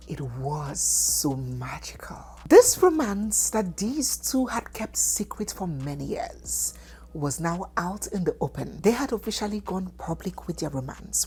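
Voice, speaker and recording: A woman narrating a dramatic documentary story, animated and dropping into hushed, whispered asides. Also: sits low, breathy edge.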